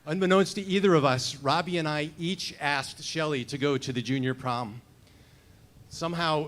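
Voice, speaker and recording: A man's voice: a little high, fairly bright tone, a little hiss or hum. A man in his fifties performing a personal story at a storytelling slam, wry and reflective. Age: 50s.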